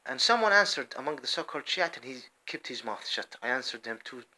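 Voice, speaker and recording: Fast, sharp-voiced ranting man. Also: medium pitch, animated. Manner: heated, profane ranting mixing Arabic and English. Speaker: online commentator. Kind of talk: angry monologue.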